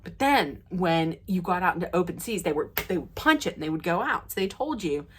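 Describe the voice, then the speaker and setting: A woman vlogger telling stories to the camera in a casual way, laughing often, her voice jumping high and loud when she gets excited. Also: fairly quick, slight background noise.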